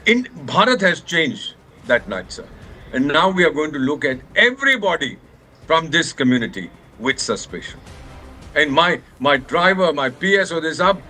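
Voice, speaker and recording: An older man with an Indian English accent, a former ambassador, appears as a guest on a news panel in a heated debate. Impassioned and indignant, he slips into Hindi phrases, his voice on the high side with a sharp tone. There's a slight hiss or hum in the recording.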